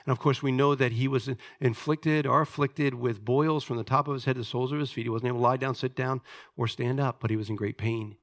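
A man preaching a sermon as a pastor, telling a story and swinging from hushed asides to loud, emphatic points. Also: mid-range voice, steady tone, fast talker.

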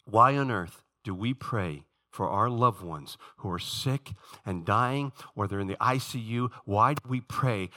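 Bright-voiced preaching man. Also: fairly low pitch, animated, a little slow. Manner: preaching with dramatic rises and soft drops, questioning the congregation. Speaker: pastor. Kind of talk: sermon.

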